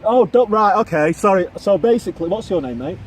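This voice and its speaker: Male presenter, high-ish, very animated, jokey, faint street noise. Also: a little fast. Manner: chatty, jokey and animated, laughs often. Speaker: YouTube presenter. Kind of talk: casual vlog chat. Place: outdoors in an urban park.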